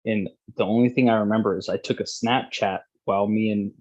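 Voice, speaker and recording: A man's voice: lowish voice, steady tone, brisk, a little mellow, dull audio. A young man casually telling a long, profane, rambling story as a podcast host.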